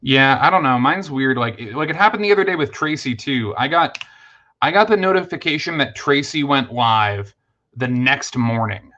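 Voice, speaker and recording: A man's voice: medium pitch, normal speed, pushed and bright, dull audio. A man hosting a casual late-night livestream, chatting with viewers and thanking them, with lots of fillers and restarts. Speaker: livestream host.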